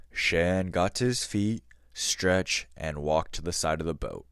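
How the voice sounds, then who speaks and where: A man with a very deep voice reads a story aloud as a podcast host. He narrates in a measured, scripted way. The sound is dry and close. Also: a bit bright, smooth, no echo.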